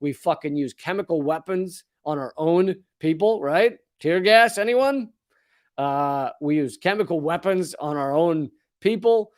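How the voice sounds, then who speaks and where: A fortysomething comedian who hosts political commentary speaks in a fairly high, slightly mellow voice. He is unhurried and barely pauses, riffing sardonically and profanely on news stories during a comedic monologue.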